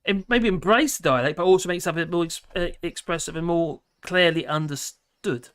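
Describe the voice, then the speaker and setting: A man's voice: fairly high pitch, fairly quick, fairly bright tone, clean tone, no room sound, studio quality. Rambling man with a Norfolk accent. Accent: Norfolk English. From England. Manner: rambling, hesitant, filler-heavy; chuckles easily, self-deprecating. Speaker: livestream host reading chat. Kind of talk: casual livestream chat. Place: home in rural France.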